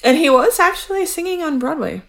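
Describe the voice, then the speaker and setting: A woman's voice: high voice, big pitch swings, a little fast, creaky, fairly bright tone. A woman co-hosting a podcast, chatting casually and wryly about a TV episode, laughing often. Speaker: podcast co-host. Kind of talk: casual recap chat.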